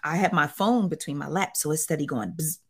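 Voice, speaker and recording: A woman's voice: low voice, fairly quick, husky. A middle-aged woman telling a story in a casual interview, acting out the quotes in different voices. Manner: animated, acts out quotes in voices. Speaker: guest, site owner.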